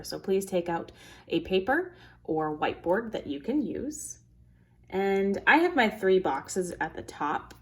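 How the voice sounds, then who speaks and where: A woman teaching a phonics lesson to third graders, sounding out letters and words slowly and carefully. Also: on the low side.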